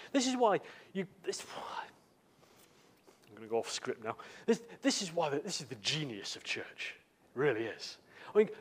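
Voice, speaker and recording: A man gives a sermon, his voice sitting a little high for a man. He tells stories and acts out the quotes, often repeating words as he goes. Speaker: visiting preacher.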